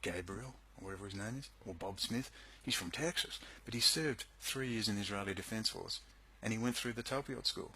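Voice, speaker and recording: A man's voice: fairly low pitch, fairly quick, bright, forceful tone, a little hiss or hum, poor audio. A man speaking into his computer microphone, delivering an agitated, sarcastic rant to his viewers. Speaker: video blogger. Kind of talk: angry monologue to camera. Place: at home at a computer.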